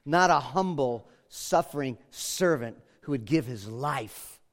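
A man preaching a sermon as pastor, moving between hushed, quiet lines and loud, emphatic ones. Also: medium pitch, animated, slow pace.

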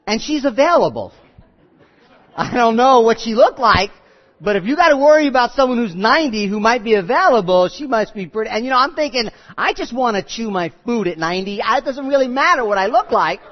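A man preaching a sermon, telling stories with quoted voices and lively asides. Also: very high voice, a little fast. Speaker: pastor. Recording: muffled audio with long hall reverb.

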